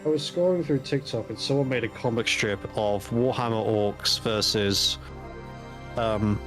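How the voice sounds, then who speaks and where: A man rambling through a casual chat with wry, sweary asides, sometimes slowing down and sometimes rushing. His pitch is middling, and soft music sits behind him. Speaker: stream co-host, hobby painter.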